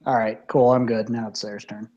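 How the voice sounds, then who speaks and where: A player in a tabletop role-playing game, talking about their turn in a quiet, matter-of-fact way. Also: mid-range voice, level tone, brisk, muffled recording. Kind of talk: casual chat while playing.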